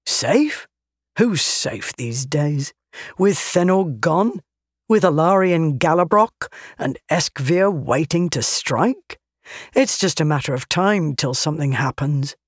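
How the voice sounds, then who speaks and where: A storyteller voicing a brash young male warrior, pitching up higher than the narration, eager and emphatic. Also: expressive, takes it slowly, slightly rough, dry recording, studio quality. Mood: agitated.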